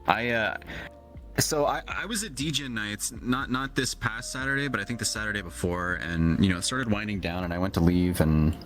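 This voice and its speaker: A man's voice: fairly low pitch, animated, moderate pace, a bit bright, soft background music, rough recording. A man hosting a live stream, chatting casually and telling a rambling, profane story. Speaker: stream host. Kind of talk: casual chat.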